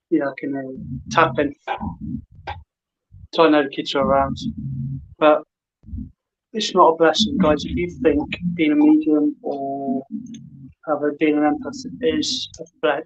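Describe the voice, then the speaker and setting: Man hosting, on dull lo-fi audio. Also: a little high. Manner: chatty, storytelling, earnest. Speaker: podcast host. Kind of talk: casual podcast interview.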